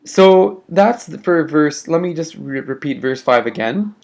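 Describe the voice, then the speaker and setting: A man teaching a classroom lesson, patient and careful, repeating words slowly and checking in often with short questions. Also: fairly high pitch, animated.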